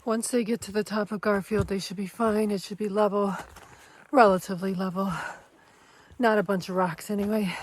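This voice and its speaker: Out on a rocky trail, a woman who vlogs her long-distance hikes chats plainly to the camera and sighs between thoughts. She talks at a normal speed in a mid-range voice with fairly even intonation.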